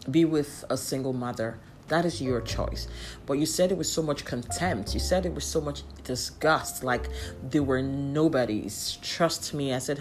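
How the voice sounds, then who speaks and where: Low-voiced woman telling a candid story. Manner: candid, lively, laughs often, exasperated asides. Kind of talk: casual storytelling.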